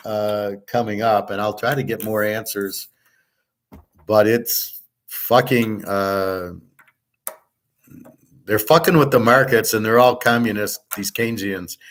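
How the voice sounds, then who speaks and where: A middle-aged man hosting a betting and economics class, talking in a blunt, profane, rambling rant and lecturing listeners as his students. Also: fairly low pitch. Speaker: host.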